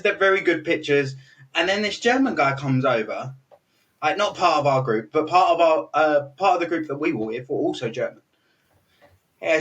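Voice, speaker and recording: A young British man with a fairly high voice spins a rambling anecdote, stuffed with fillers and quoted voices. He laughs his way through it. He sits a little back from the microphone. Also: fairly bright tone. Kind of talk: casual anecdote telling. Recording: voice a bit distant from the mic.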